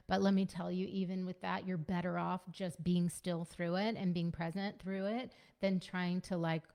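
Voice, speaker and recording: A woman giving a casual teaching talk to parents as a parenting coach, conversational and gently instructive, repeating her key points. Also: lowish voice, vocal fry. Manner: conversational, frequent fillers like "you know" and "like".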